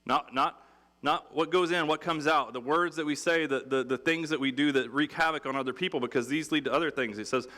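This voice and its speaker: A man preaching a sermon in a relaxed, conversational and humorous way, acting out quotes. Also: fairly high pitch, fairly quick. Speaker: pastor. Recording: long hall reverb.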